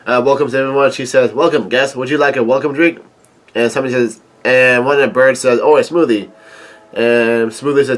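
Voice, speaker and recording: A man reading a manga chapter aloud and reacting with excitement, halting often with fillers and restarts. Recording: low-quality home recording.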